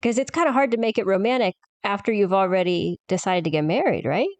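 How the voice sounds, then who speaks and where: A woman's voice: mid-range voice, fast, a little mellow, dry recording. An American woman co-hosting a casual podcast chat, asking curious, playful questions. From United States. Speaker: podcast co-host.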